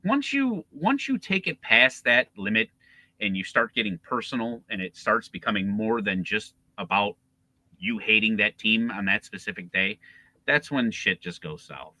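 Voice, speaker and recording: A man co-hosting a sports podcast in a casual, profane rant. His voice is very bright and forceful, and it swings widely in pitch as he gets worked up. The sound is dry and close. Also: animated, moderate pace, no echo, poor audio. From Chicago area. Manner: profane, ranting, laughing often. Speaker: podcast co-host.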